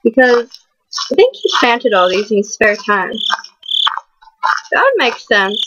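Teen girl gamer rambling slowly w/ lots of "like", giggly and panicky, noisy lo-fi mic. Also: fairly high pitch, big pitch swings. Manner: giggly, rambling, filler-heavy, panicky outbursts. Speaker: gaming channel host. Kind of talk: rambling horror game commentary. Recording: dull lo-fi recording with clear background noise.

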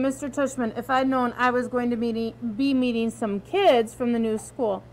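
A woman's voice: fairly high pitch, fairly even intonation, normal speed, hardly any pauses, darkish tone, slight background noise, low-quality recording. A woman reading a novel aloud in an informal way, with small slips and restarts. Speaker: audiobook reader.

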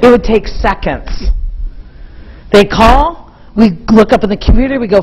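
A middle-aged woman giving a motivational keynote talk, telling stories to a live audience in an animated way. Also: medium pitch, unhurried, slight background noise, rough recording. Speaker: keynote speaker.

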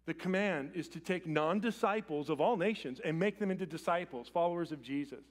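A male pastor delivering a church sermon in a slightly raised voice. He swings from loud, urgent appeals to near-quiet, intimate asides, talking straight to the congregation. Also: on the high side, fairly quick. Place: church sanctuary.

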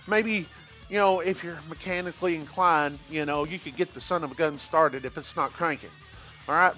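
A man talks like a trucker venting to his viewers, loose and folksy with jokes thrown in. His voice sits high and swings widely in pitch. Soft music plays faintly underneath. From Texas. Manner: folksy, rambling, joking. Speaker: truck driver vlogger. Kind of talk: casual opinion rant.

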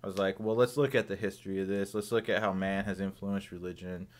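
A man's voice: low voice, steady tone, quick pace. A man talking as a podcast guest in casual chat, thoughtful and rambling, often restarting his sentences.

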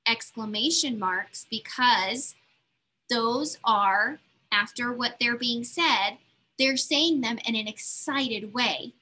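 A woman's voice: fairly high pitch, pushed and bright, slightly rough. A woman teaching a recorded reading lesson to young children, patient and encouraging as she coaxes them along. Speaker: elementary school teacher.

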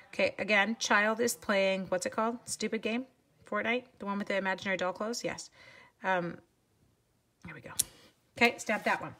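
A woman's voice: mid-range voice, fairly bright tone, slight background noise. A woman, hosting a casual live craft demo at home and chatting upbeat with viewers while she works. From Canada. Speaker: craft demonstrator.

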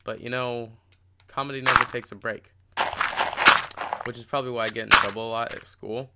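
A man's voice: mid-range voice, steady tone, fairly quick, gravelly. A teenage boy chatting casually while playing a game, self-mocking and tripping over his words. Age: teens. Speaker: gaming channel host. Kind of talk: rambling casual commentary over gameplay. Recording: loud hiss and mouse clicks.

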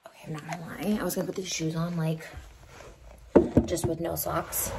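A woman's voice: lowish voice, lively intonation, fast talker. A woman chatting casually to camera in a vlog, giggly and a little out of breath, often dropping to a whisper. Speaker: vlogger. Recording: echoey room, distant mic, noisy.

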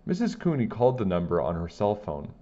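A man with a low voice reads a children's book aloud at a brisk pace, in plain, steady storytelling. His pitch moves in lively swings, and the recording sounds dull and lo-fi.

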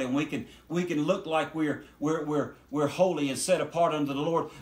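Middle-aged guy preaching, high voice, fired up, keeps restarting lines, echoey room. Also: a bit bright. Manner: fervent, repetitive restarts, rising emphatic declarations. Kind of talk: sermon.

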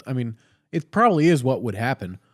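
A man's voice: medium pitch, very animated, a little fast. A man co-hosting a film commentary podcast, making sardonic asides. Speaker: podcast co-host.

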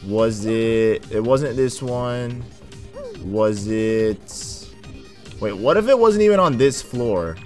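A man's voice: fairly low pitch, slow pace, soft background music. A man casually commenting as he plays a video game and voices its characters. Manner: casual, lively, says dude a lot. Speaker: gaming video host. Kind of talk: casual let's play commentary.

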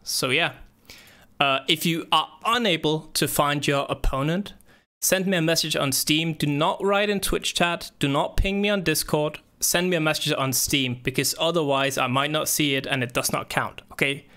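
A young man organizing and streaming a gaming tournament chats casually, rambling with lots of swearing and fillers. His voice is on the high side, with a sharp tone and normal speed.

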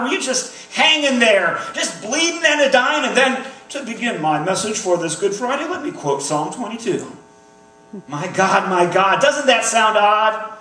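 High, bright-voiced man reciting poetry. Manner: rhythmic, declamatory, repeating a refrain. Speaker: poet. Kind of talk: spoken-word poetry performance. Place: church gathering hall. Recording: echoey hall, recorded from far off.

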